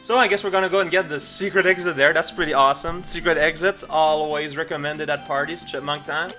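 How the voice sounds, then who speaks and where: Man, fairly high voice, dry sarcastic game commentary over clear background game music. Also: fairly even intonation, brisk, pushed and bright. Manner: wry, sarcastic asides. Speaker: let's play host. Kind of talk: let's play commentary.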